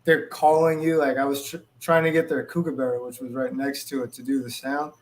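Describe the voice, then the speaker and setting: A man's voice: mid-range voice, little pitch movement, a little fast. A man co-hosting a casual podcast chat, talking in detail and using Latin species names. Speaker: podcast co-host.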